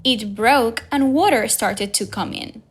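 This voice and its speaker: Slow, clear woman reading aloud. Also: on the high side. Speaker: reader. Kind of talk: slow audiobook reading for young learners.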